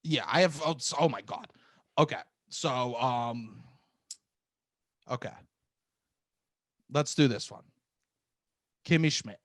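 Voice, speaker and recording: A man co-hosting a podcast, telling profane, animated stories about auditions and laughing often. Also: mid-range voice, slow pace, long pauses, dry recording, studio quality. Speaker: podcast co-host, comedian. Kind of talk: casual storytelling chat.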